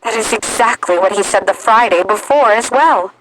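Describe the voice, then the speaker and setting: A woman reading a storybook, voicing an anxious, affectionate young society girl in a soft, eager, raised voice. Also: medium pitch, normal speed, slight background noise, close to an everyday voice, poor audio. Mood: worried, soothing.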